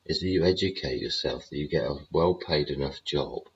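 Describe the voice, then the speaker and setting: A man with a very deep, rough, husky voice rants bluntly through a show, swearing constantly and sneering with sarcasm. The sound is muffled and lo-fi, like a cheap stream mic. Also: normal speed. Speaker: show host. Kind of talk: ranting livestream commentary. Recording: dull lo-fi audio.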